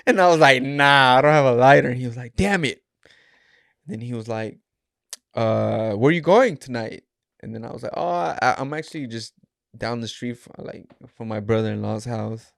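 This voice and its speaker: A man's voice: medium pitch, moderate pace, creaky, fairly bright tone, no room sound, studio quality. A man co-hosting a podcast, telling a story casually with lots of fillers and acting out what people said. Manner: acts out quotes in raised voices, many fillers. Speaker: podcast co-host.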